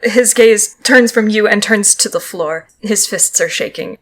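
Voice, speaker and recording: A woman's voice: medium pitch, poor audio. Woman narrating as game master. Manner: quick, playful narration with laughter.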